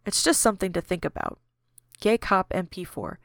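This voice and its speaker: A woman narrating a podcast, reading a chat log aloud in a deadpan way, usernames and emoticons included. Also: on the low side, normal speed, dry recording, studio quality.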